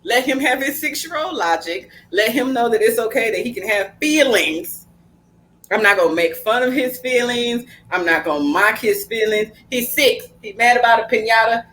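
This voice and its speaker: A woman's voice: fairly high pitch, lively intonation, normal speed, a bit bright, slight background noise, rough recording. Woman podcast host, blunt storyteller, cusses a little, does the voices. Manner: storytelling, acting out family dialogue; frank, blunt, with mild cursing. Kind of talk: casual podcast chat.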